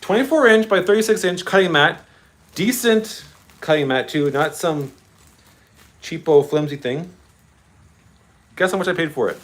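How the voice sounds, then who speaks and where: A man hosting a model railway livestream, chatty and excitable, greeting viewers by name and laughing often. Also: fairly high pitch, normal speed, pauses often. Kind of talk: casual live-stream chat with viewers.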